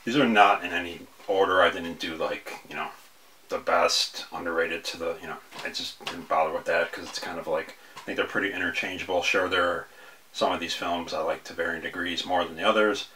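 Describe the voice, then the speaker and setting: Very low-voiced man rambling through a review. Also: steady tone, a little fast, pushed and bright. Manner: rambling, hesitant, many fillers and restarts. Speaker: horror film reviewer. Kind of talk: casual video review.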